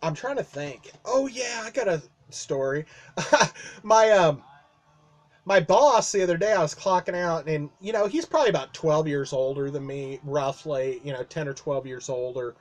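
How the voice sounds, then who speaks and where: A man's voice: on the high side, expressive, normal speed. A man telling a long personal story to his vlog camera in a casual, rambling way, with lots of fillers, restarts and chuckles. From Midwestern United States. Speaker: vlogger.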